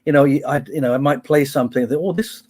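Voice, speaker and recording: A man's voice: mid-range voice, little pitch movement, rapid-fire, darkish tone. A man reminiscing in a casual chat on a video call, telling stories with many restarts. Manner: chatty storyteller, many restarts, quotes others. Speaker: guest musician.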